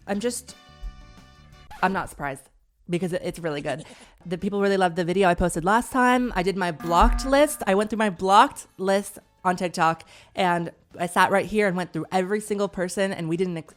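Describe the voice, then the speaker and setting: A young woman in her twenties hosting a podcast, talking in a casual, dramatic and rambling way that swings into excited outbursts. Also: mid-range voice, fairly quick, faint music behind. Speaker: podcast host. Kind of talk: casual chat with a sponsor read.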